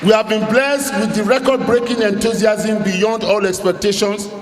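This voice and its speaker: A man's voice: sits high, fairly even intonation, normal speed, slight background noise. Rousing man in an echoey hall. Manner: rousing, emphatic oratory with crowd call-outs. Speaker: campaign director general. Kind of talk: rally speech. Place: large hall at a rally. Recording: echoey hall recording with faint ambience.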